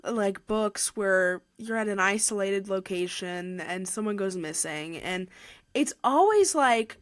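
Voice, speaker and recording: A woman's voice: medium pitch, expressive, unhurried, no echo. A young woman hosting a podcast, casually retelling a novel's plot in a chatty way, with lots of "like" and frequent restarts. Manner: chatty, heavy use of "like", with restarts. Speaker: podcast host. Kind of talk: casual book review recap.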